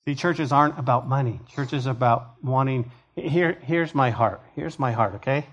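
A man preaching a conversational sermon as pastor of a church, acting out quoted voices with lively energy. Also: medium pitch, normal speed, lo-fi sound. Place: church sanctuary.

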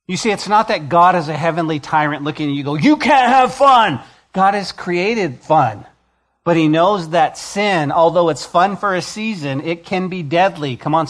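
A man preaching a sermon to a church, swinging between loud emphatic lines and quiet, intimate ones. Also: a little high. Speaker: pastor.

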